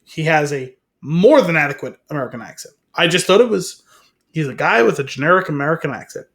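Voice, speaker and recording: High-pitched male co-host, relaxed chat, curious questions and short stories. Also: fairly quick. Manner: conversational, asks questions, recounts anecdotes. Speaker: podcast co-host. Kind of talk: casual chat.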